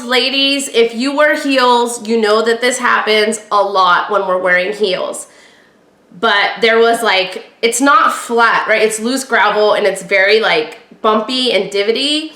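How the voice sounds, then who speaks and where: A woman hosting a podcast, telling a personal story in a chatty, animated way and talking straight to her listeners. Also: medium pitch, reverberant. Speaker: podcast host. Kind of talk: casual storytelling.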